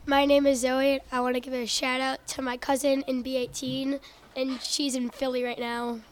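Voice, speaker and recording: A woman's voice: high-pitched, little pitch movement, normal speed, a little hiss or hum. A girl guest chiming in eagerly on a casual radio chat.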